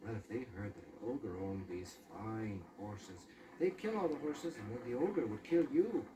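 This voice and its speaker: A man voicing a sly, smooth-talking male fox in an old audio story, coaxing and urgent. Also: moderate pace, distant mic, close to an everyday voice, rough recording. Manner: coaxing, urgent, high and lively. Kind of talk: amateur storybook acting.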